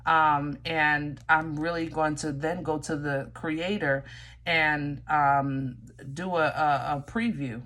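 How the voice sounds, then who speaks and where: A woman's voice: sits low, fairly even intonation, slow pace, a bit bright. A woman giving a casual tarot reading, talking straight to her viewers in a chatty way, often stopping and restarting. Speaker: tarot reader.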